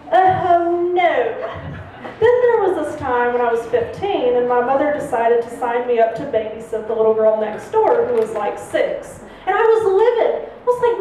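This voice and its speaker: A young adult woman telling a funny personal story on stage at a live storytelling night, animated and laughing often, jumping her voice up high to act out the people in it. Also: moderate pace. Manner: animated, acts out voices with big pitch jumps, laughs often. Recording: roomy live venue, heard from a distance, faint room noise.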